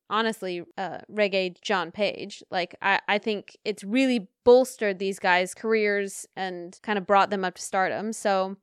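A woman's voice: medium pitch, clear, resonant tone, no echo, studio quality. Enthusiastic talkative woman podcaster. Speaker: podcast co-host. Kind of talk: casual chat.

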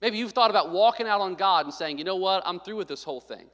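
A quick-paced pastor with a high, somewhat bright voice preaches a storytelling sermon. He slips in joking asides and voices what people said, and long hall reverb follows his speech.

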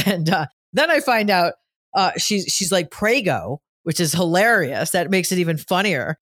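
A woman's voice: fairly low pitch, lively intonation, normal speed, a bit bright, no echo, clean studio sound. A woman in her forties hosting a podcast interview in a brash, profane, joking way. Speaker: podcast host.

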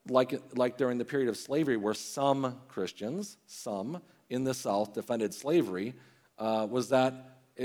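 A man's voice: medium pitch, a little mellow. Conversational middle-aged male preacher. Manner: conversational, with many restarts and quoted asides. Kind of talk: sermon.

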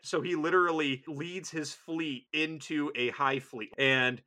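A man's voice: a little high, steady tone, measured pace, sharp tone. A man co-hosting a podcast in casual chat, rambling, profane and enthusiastic. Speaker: podcast co-host.

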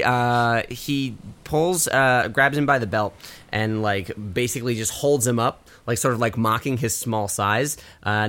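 A man narrating as game master in a tabletop game, halting with many fillers and restarts. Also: mid-range voice, a bit bright.

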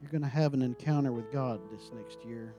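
A man, preaching a sermon and praying for miracles, swinging from soft talk to loud, drawn-out emphasis. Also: mid-range voice, muffled recording, over music. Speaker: guest preacher. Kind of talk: sermon with prayer.

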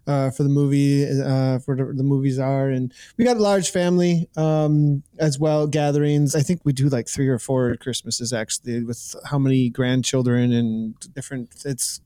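A man's voice: mid-range voice, fairly even intonation, moderate pace, hardly any pauses, warm tone, clear, resonant tone, no room sound. A man co-hosting a podcast, talking in a loose, rambling and cheerful way. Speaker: podcast co-host. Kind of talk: casual podcast chat.

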